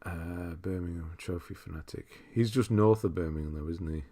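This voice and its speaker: A streamer host with a low-pitched voice talks at a moderate pace, relaxed and rambling. He reads viewers' messages aloud during his live stream, laughing often.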